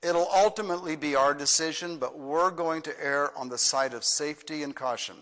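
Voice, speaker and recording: A man's voice: a little high, moderate pace, fairly bright tone, in a large hall. An older man, a pastor, singing a children's song and giving church announcements in a folksy, playful way. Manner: sings with guitar, folksy and playful.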